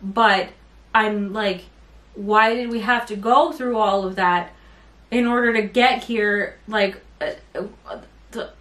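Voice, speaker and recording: A woman's voice: medium pitch, steady tone, slow, fairly bright tone. A young woman vlogger telling a rant-style story time, rambling and exasperated as she recounts what happened. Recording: roomy sound from a bit off mic.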